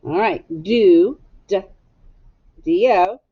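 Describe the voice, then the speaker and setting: A woman's voice: medium pitch, very slow, slightly rough, highs cut off. A woman teacher giving a recorded phonics lesson for children, spelling words out letter by letter in a patient, encouraging way. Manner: gently encouraging.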